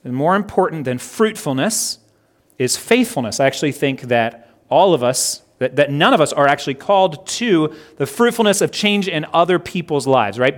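A pastor preaching a sermon in an earnest way, slowing down and stressing each item when he reads out a list. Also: mid-range voice. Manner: earnest, slows down and stresses items in lists.

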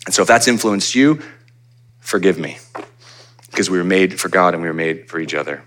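A man preaching a sermon as pastor, conversational and animated, acting out little asides for his congregation. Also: low voice, a little fast, slight background noise. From United States.

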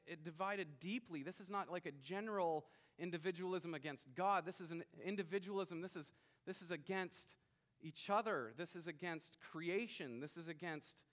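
A man in his thirties preaching a sermon as pastor, emphatic, rising to loud bursts and dropping quiet. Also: sits high, moderate pace.

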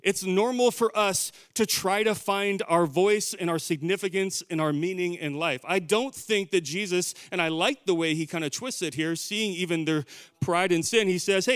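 A man's voice: high voice, moderate pace, a bit bright, clean tone, no room sound, clean studio sound. A man preaching a sermon to his congregation in a conversational way, with playful asides. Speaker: pastor.

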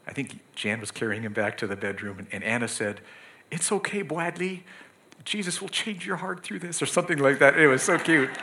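Brief: middle-aged male pastor, sermon delivery, bright forceful tone, earnest and emphatic. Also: medium pitch, a little hiss or hum. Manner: earnest, pleading, emphatic with sudden loud bursts.

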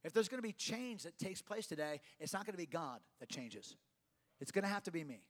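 A middle-aged man preaching a sermon, emphatic, swinging from loud to quiet and repeating phrases for effect. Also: on the high side, big pitch swings, fairly quick, big-room sound.

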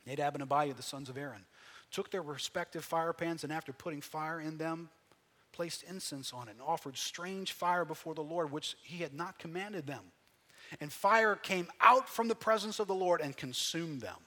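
A man preaching a sermon, animated, swinging from quiet asides to loud emphatic bursts. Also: on the high side, moderate pace, long reverb tail. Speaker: pastor.

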